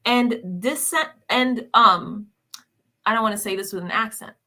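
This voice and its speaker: A woman's voice: fairly high pitch, unhurried, pushed and bright. A woman hosting a reaction commentary, talking in a scornful, combative way and repeating her questions mockingly. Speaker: commentary host reacting to clips.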